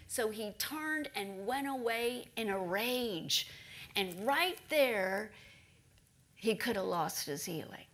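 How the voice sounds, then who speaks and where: A woman preaching a sermon, telling a story with animation and dropping into hushed whispers for emphasis. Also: mid-range voice, animated, takes it slowly.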